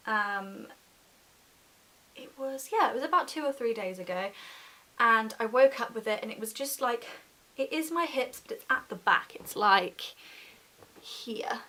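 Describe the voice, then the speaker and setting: A woman's voice: a little high, sharp tone. Giggly chatty young woman. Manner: chatty, giggly, lots of "like" fillers. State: pregnant, gets out of breath talking. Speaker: vlogger. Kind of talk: casual pregnancy update vlog.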